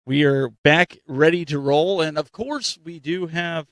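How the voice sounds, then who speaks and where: A man hosting a casual chat show, upbeat and animated, with a close, dry microphone sound. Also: on the high side, unhurried, no echo. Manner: upbeat, animated announcer-style delivery. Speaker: host.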